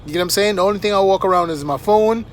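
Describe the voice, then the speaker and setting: A man with a high voice tells casual anecdotes to camera. He is animated and chatty, and keeps tossing in little checks with the listener. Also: very fast, slight background noise. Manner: animated, chatty, frequent "right?" asides. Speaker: vlogger.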